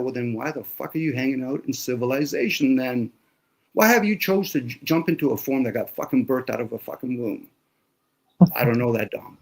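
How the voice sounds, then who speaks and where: A man's voice: mid-range voice, a little mellow. A man in a casual conversation, talking bluntly with lots of swearing and sarcasm. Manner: blunt, profane ranting.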